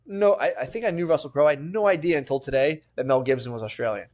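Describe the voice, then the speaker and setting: A man's voice: fairly high pitch, quick pace, darkish tone. Laughing, crude man in his thirties. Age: 30s. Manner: crude, laughing, acts out quotes. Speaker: podcast co-host. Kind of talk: casual comedic banter.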